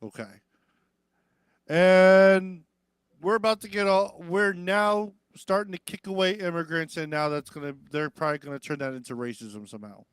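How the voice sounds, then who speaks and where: A man's voice: sits high, moderate pace, clear, resonant tone, no echo. A man hosting a live-stream talk show, rambling casually and swearing, lifting his voice to mimic others. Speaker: podcast host.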